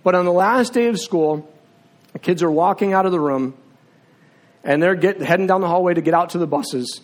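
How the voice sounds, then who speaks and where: A man's voice sitting a little high for a man carries a sermon in a church sanctuary. He tells stories in a relaxed, conversational way, like a teacher talking to a class. When he leads the room in prayer, he drops into a low, hushed voice. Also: normal speed. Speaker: preacher. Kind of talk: sermon with personal storytelling and prayer. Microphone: filmed on camera while preaching.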